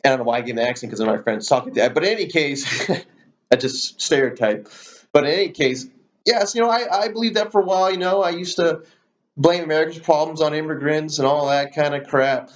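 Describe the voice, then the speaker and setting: A man's voice: fairly high pitch, fairly quick, highs cut off. A man hosting his own political commentary channel, ranting heatedly with plenty of swearing and fillers. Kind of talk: solo rant to camera.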